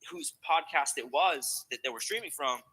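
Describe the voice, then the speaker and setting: Guy on a podcast, kinda high voice, rambling tangents, swears a lot. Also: moderate pace, pushed and bright, breathy edge, no echo, low-quality recording. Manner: rambling, profane, goes off on tangents. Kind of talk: casual podcast chat.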